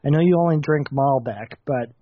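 A man's voice: medium pitch, moderate pace, no room sound. A man hosting a comedy show, reading news stories in a matter-of-fact way with occasional stumbles. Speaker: host. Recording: dull lo-fi recording, dry.

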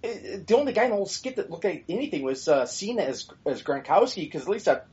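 A man's voice: sits high, big pitch swings, fast, a little mellow, muffled recording. A man co-hosting a podcast in casual, opinionated chat, blunt and swearing freely with rambling asides. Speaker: podcast co-host.

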